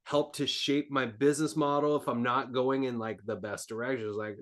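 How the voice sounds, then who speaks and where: A man's voice: medium pitch, fairly even intonation, moderate pace, fairly bright tone. A man speaking as an entrepreneur guest on a podcast, earnest and rambling, with lots of filler words. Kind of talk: casual interview talk.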